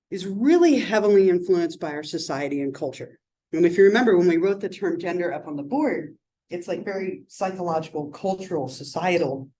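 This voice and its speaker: A woman teaching a psychology class in a classroom, chatty and animated, her voice sore and strained. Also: fairly low pitch, rough recording. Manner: chatty, animated, peppers talk with "like" and "right?". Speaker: psychology instructor. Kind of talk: classroom lecture. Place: college classroom.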